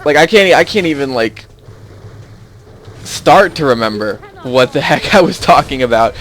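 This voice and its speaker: A man's voice: mid-range voice, lively intonation, normal speed, fairly bright tone, slight background noise. Rambling young man commentating gameplay. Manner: rambling, easily sidetracked, chuckling often. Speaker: gaming YouTuber.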